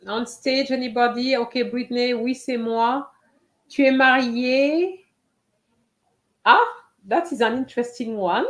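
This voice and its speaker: A woman teaching a live online French writing lesson, slowly reading out students' answers and encouraging them. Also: fairly high pitch.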